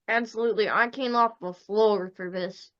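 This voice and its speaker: A woman's voice: medium pitch, fairly even intonation, unhurried. A woman hosting a podcast interview, chatting casually with upbeat, affirming interjections. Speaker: podcast host. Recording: dull lo-fi audio.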